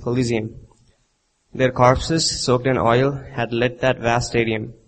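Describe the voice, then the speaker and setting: A preacher reading a sermon text aloud with a measured, even delivery. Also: male voice, mid-range voice, a little hiss or hum, poor audio.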